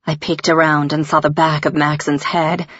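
A woman narrates a first-person audiobook in a measured way. Her voice is low and husky. The recording is dry and sounds dull. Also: little pitch movement, a bit bright, dry recording.

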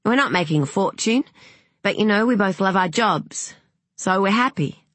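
A woman's voice: medium pitch, lively intonation, fairly bright tone, no room sound, voice pushed up. A narrator voicing an outspoken, hot-tempered woman, mother of young kids. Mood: chatty. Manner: emphatic, quick to flare up.

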